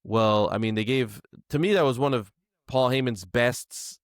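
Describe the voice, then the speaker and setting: A man's voice: mid-range voice, normal speed, dry recording, studio quality. A man co-hosting a podcast in casual chat, tossing in wry joking asides. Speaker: podcast co-host.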